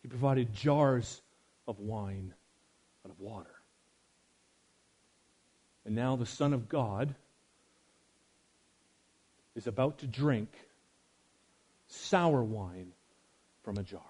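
A man preaching a sermon, swinging from loud emphasis to hushed quiet and speaking straight to his listeners. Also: medium pitch, slow, long pauses, breathy edge. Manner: addresses listeners directly.

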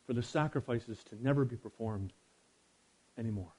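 A man preaching a sermon, swinging from loud emphasis to hushed quiet and speaking straight to his listeners. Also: mid-range voice, normal speed, husky. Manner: addresses listeners directly.

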